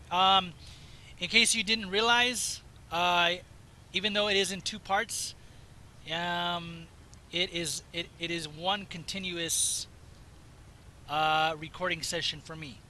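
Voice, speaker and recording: Chatty bright-voiced man rambling while driving. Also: sits high, low-quality recording. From Southwest United States. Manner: chatty, meandering, self-interrupting. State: slightly hoarse. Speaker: gaming video host. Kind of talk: casual rambling commentary while playing.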